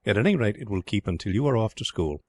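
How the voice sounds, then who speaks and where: A man voicing a gentle middle-aged mother, speaking softly and composedly in a low voice with a dry close sound. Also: expressive, quick pace, no room sound. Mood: calm.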